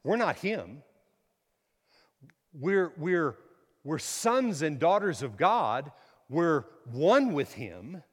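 A middle-aged man preaching a sermon, emphatic, swinging from quiet to loud and repeating words. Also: a little high, very animated, extremely slow, pauses often, in a large hall.

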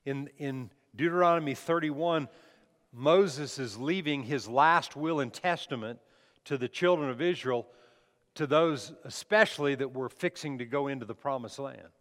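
A man's voice: medium pitch, normal speed, a bit bright. A man preaching a conversational sermon as a pastor, often restarting his phrases. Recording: long hall reverb.

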